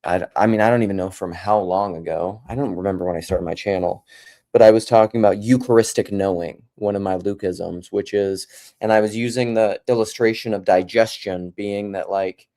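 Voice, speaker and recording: A man's voice: fairly low pitch, steady tone, brisk, mellow. Casting: male streamer, digressive and wry, chatting off the cuff from his home. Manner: rambling, joking, digressive. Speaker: live streamer. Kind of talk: casual livestream monologue.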